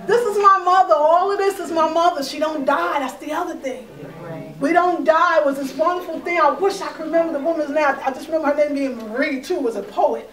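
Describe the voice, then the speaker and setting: A woman giving spiritual advice in an animated storytelling way. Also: sits high, fairly quick, a crowd in the background. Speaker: spiritual advisor. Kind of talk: conversational advice. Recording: echoey room, far from mic.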